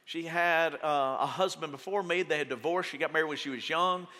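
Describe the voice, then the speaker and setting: A man preaching a storytelling sermon as pastor, animated, acting out quoted voices and laughing through his stories. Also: a little high, a little fast, in a large hall. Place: large church auditorium.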